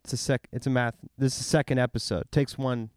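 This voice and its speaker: A man's voice: mid-range voice, steady tone, fast talker, darkish tone. A man co-hosting a comedy podcast, riffing on goofy, absurd wordplay. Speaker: podcast co-host. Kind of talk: casual comedic chat.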